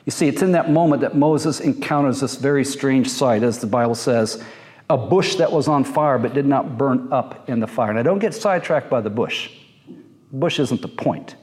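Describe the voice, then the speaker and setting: A man's voice: mid-range voice, moderate pace, darkish tone. A man giving a sermon in a reflective manner, building his points in short, repeated phrases. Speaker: pastor. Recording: long reverb of a large hall.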